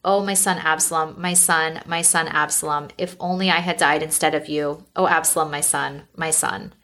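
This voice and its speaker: A woman reading the lines of a grieving old king who mourns his son, softly lamenting. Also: deep voice, fairly even intonation, moderate pace.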